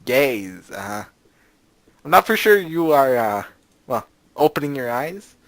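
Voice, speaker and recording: A man's voice: on the high side, sing-song, a little slow, no room sound. A man hosting a let's play, reading a visual novel aloud and breaking off for sarcastic, jokey asides. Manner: sarcastic, jokey asides between read lines.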